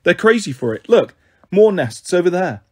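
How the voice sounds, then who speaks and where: A tough teenage girl gives short, matter-of-fact answers, as a male narrator puts her on. The voice is husky and pitched a little high, and her delivery stays terse. It is a storybook reading of an adventure novel. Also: sing-song, normal speed, heavily acted.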